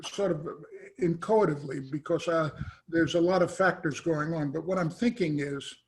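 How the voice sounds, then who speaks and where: A man, a professor, asking a long question after an academic talk, halting often with "uh" and restarting his sentences. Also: a little high. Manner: hesitant, halting, many "uh" and restarts.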